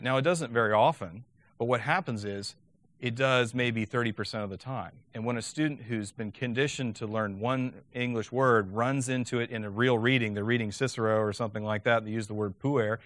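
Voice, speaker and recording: A man's voice: on the low side, fairly bright tone, no echo. A man giving a lecture on teaching Latin, talking conversationally and often checking in with "okay?".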